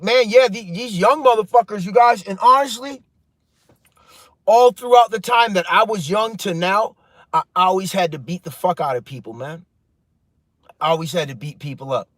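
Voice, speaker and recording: A man's voice: high-pitched, moderate pace, long pauses, a bit bright, no echo. A man in his thirties telling a heated, profane story to his viewers in a casual, rambling way. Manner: profane, heated, addresses viewers as you guys. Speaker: storytelling vlogger.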